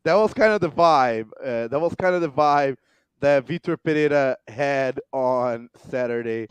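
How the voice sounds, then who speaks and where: A man's voice: medium pitch, loud music behind the voice. A man with a Brazilian Portuguese accent, not a native English speaker, co-hosting a casual sports podcast with lots of fillers and restarts. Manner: animated, halting with many fillers. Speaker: podcast co-host.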